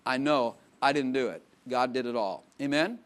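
With a medium-pitched voice at normal speed, a pastor delivers a sermon like a conversation. Quiet asides give way to loud, emphatic outbursts, punctuated by frequent laughter.

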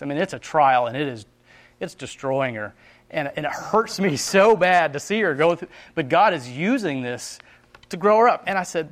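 Man sharing his faith story, higher voice. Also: brisk, a bit bright. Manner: earnest, rambling, with frequent restarts and quoted prayers. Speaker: Christian speaker sharing his testimony. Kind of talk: personal faith testimony.

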